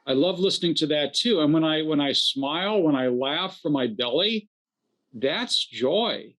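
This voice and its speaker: Reflective male rabbi, slightly high voice. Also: expressive, measured pace, a bit bright. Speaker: rabbi, co-host. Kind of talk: casual conversation.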